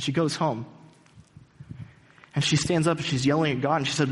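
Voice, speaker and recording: A man's voice: on the high side, moderate pace, pauses often, husky. A man preaching a sermon, retelling a story in an earnest, dramatic storytelling manner. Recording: hall reverb.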